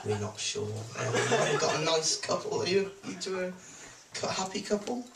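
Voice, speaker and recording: A man's voice: fairly high pitch, big pitch swings, normal speed, vocal fry. A man with a Birmingham accent doing live stand-up comedy, cheekily teasing people in the front row. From Birmingham, England. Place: comedy club stage. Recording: roomy live venue, mic heard from a distance, loud crowd noise. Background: audience laughter.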